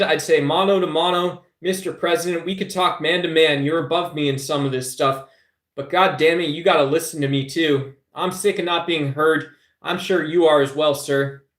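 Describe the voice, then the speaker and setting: A man's voice: a little high, a bit bright. A man hosting a live stream, rambling through a casual political rant to his chat and calling listeners brother. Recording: echoey room.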